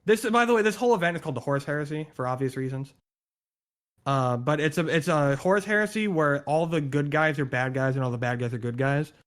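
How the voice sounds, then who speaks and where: A man in casual chat, excitedly explaining game lore, swearing and going on tangents. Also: on the high side, fast.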